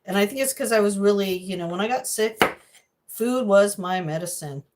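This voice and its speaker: A woman's voice: mid-range voice, moderate pace, noisy background. A middle-aged woman livestreaming from her home kitchen, chatting loosely as she cooks. She greets viewers by name and drifts into rambling asides, her talk casual and unscripted. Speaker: cooking livestreamer. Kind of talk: casual livestream chat while cooking.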